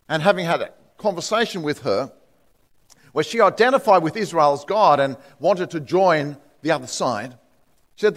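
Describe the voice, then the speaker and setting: A man preaching a sermon as pastor, telling stories and acting out the voices in them. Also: on the high side. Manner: storytelling with acted voices. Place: church hall. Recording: church hall reverb.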